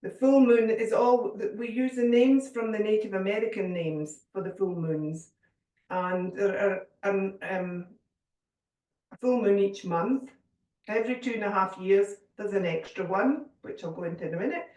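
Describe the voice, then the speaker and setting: Gentle yoga teacher woman, echoey room. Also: medium pitch, normal speed, far from the mic. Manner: gentle, calm cueing with light humour. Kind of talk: guided yoga class instruction.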